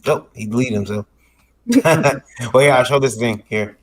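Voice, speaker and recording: A man's voice: medium pitch, measured pace, no echo. A man co-hosting a casual livestream, rambling with many fillers while showing off toys. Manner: rambling, lots of fillers, shows off toys on camera. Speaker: co-host of a crowdfunding livestream.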